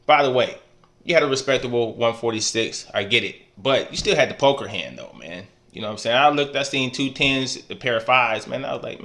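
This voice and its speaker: A fantasy football league member in a casual trash-talk vlog delivers a laid-back video message, teasing his friends with playful ribbing and ending nearly every phrase with "man." His medium-pitched voice is bright and forward, with lively intonation and a brisk pace.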